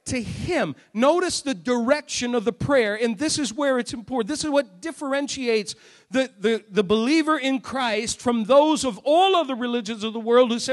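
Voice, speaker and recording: A pastor with a strikingly high voice delivers a sermon in a church sanctuary. He talks to the congregation conversationally, tosses out rhetorical questions and drives his points home with loud, emphatic bursts. His voice rings out with a long reverb around the hall. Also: moderate pace.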